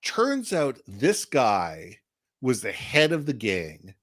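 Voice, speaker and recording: A middle-aged man speaking as a guest on a conversational podcast. He is from Canada and tells his story with energy, building up each punchline. His voice is pitched in the normal middle range for a man. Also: slow. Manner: lively anecdote teller, leans into the punchlines.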